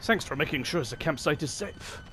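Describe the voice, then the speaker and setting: A man's voice: a little high, lively intonation, normal speed, a bit bright, a little hiss or hum, voice pushed up. A man reading a cheerful female camp quartermaster's lines in a mock old-time French stage accent. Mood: hammy. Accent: mock French, old-time stage style. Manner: theatrical read of on-screen dialogue.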